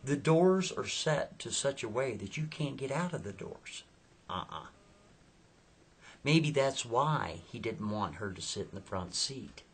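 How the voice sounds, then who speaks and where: A man's voice: medium pitch, lively intonation, unhurried, breathy edge. A man telling a spooky story in a chatty, casual way, checking in with the listener. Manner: chatty, asks listeners "right?".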